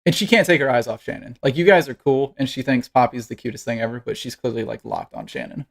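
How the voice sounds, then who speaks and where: A man narrates a tabletop role-playing game as game master. He talks in a relaxed, rambling way, with ums and asides between the descriptions. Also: medium pitch, fast, gravelly. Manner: casual, rambling narration with fillers.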